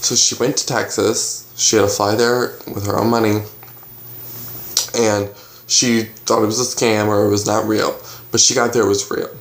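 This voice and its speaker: A young man tells a story to the camera in a loose, rambling way, acting out each person's lines as he goes. His voice sits a little low, and the bedroom around him gives it a roomy echo. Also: normal speed. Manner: rambling, animated retelling with quoted dialogue. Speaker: vlogger. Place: bedroom at home.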